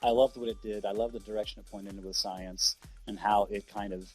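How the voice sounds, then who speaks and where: A man's voice: fairly low pitch, steady tone, brisk, faint music behind. A man co-hosting an anime review, talking casually and thoughtfully in a conversational way. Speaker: co-host of an anime review show.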